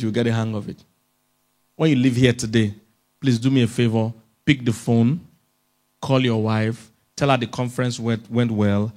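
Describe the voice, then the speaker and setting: A man's voice: medium pitch, darkish tone. A man from Africa, a relationship expert giving a humorous motivational talk at a conference, coaxing his audience and chuckling often.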